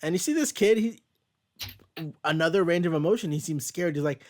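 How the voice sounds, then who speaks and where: A man's voice: normal speed, vocal fry, long pauses. A young man hosting a comic book podcast, chatting casually and laughing often. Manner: casual, laughs often, reads quotes in a low flat voice. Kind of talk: casual chat, reading comic lines aloud.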